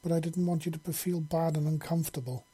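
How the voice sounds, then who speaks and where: A man's voice: a little high, flat delivery, brisk, warm tone, slightly rough. A man voicing a young female alien girl, sobbing and pleading with her mother. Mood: tearful pleading.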